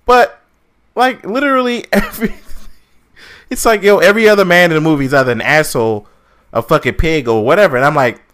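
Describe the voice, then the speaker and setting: A man's voice: a little high, brisk, fairly bright tone. A man co-hosting a podcast, ranting in casual chat with a lot of swearing and mocking asides. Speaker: podcast co-host reviewing a film.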